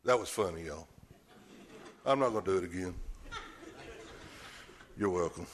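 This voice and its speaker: A man's voice: deep voice, normal speed, long pauses. A man preaching a sermon, telling the story with animation and acting out scenes.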